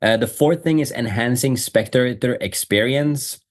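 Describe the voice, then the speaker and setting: A man hosting a podcast, talking loosely with many fillers and quick laughs in casual chat. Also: mid-range voice. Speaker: podcast host.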